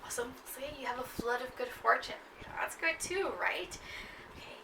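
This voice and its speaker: Woman, from Texas, teacher, chatty lecture style, gravelly, distant mic, background noise. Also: sits high, normal speed, bright, forceful tone. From Texas, USA. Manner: conversational, checks in with "okay?" and "right?". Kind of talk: classroom lecture on poetry. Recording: echoey room, distant mic, noisy.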